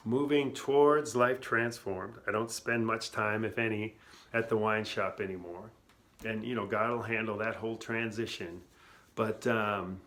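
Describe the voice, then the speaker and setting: A man's voice: fairly low pitch, fairly bright tone. A middle-aged man telling his founder story in a casual, earnest way, talking with many asides and restarts, recorded on his phone. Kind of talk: casual personal testimony.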